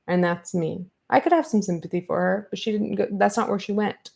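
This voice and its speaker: A woman hosting a commentary podcast, retelling an online feud in an animated, fired-up way and acting out the exchanges. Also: medium pitch, fairly quick, creaky, few pauses. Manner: animated, fired-up retelling with quoted back-and-forth. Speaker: podcast host.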